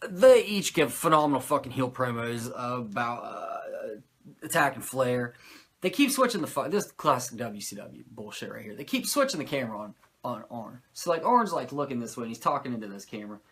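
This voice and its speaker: A man hosting a podcast, recapping a show in animated, profane, sarcastic casual chat. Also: medium pitch, a little fast, husky. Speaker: podcast host recapping wrestling.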